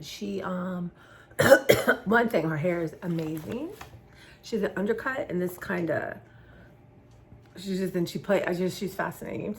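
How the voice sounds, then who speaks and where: A YouTuber from southern Maryland, USA, with a medium-pitched, creaky voice chats casually to her viewers while she paints. She rambles and trails off mid-sentence, and there's slight background noise.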